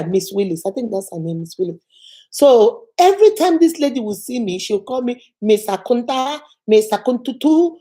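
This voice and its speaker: Animated woman telling a story. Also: fairly high pitch. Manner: animated, acts out quoted voices. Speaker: motivational vlogger. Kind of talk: casual storytelling to camera.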